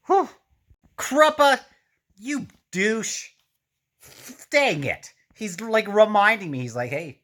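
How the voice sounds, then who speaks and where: A man casually reacting to a book he is reading, rambling and hesitant with many fillers. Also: low voice.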